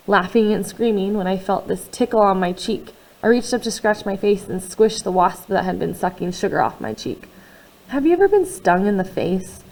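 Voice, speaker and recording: Female reader, first-person novel, expressive delivery that swings between hushed and loud. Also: mid-range voice, slight background noise, rough recording. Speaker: audiobook reader.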